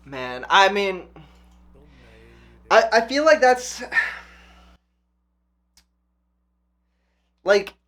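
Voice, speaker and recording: A man hosting an anime reaction channel, talking casually and excitedly, swearing and swinging between hyped shouts and quiet reflection. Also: high voice, drawn-out words, long pauses.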